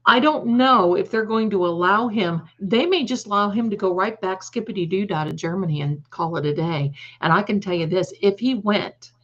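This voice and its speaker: A woman's voice: mid-range voice, moderate pace, hardly any pauses, a bit bright. A woman hosting a live stream, chatting casually in a rambling, emphatic way and often correcting herself mid-sentence. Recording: dull lo-fi stream audio.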